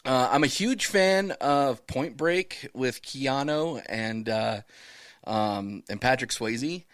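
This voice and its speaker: A man co-hosting a podcast, telling stories in profane, animated casual banter. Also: mid-range voice, slow, dry recording, studio quality. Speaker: podcast co-host.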